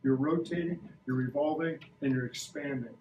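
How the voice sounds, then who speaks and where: A man's voice: medium pitch, moderate pace, a little mellow, a little hiss or hum. A man in his sixties teaching a science lesson to a class, playful and quizzing the kids. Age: 60s. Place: school classroom. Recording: echoey classroom from far off.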